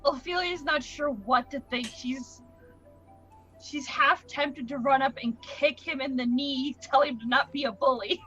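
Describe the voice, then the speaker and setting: High-voiced woman playing a tabletop game. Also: a little slow, sharp tone, dull audio, soft background music. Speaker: player. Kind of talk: describing her character in a tabletop game.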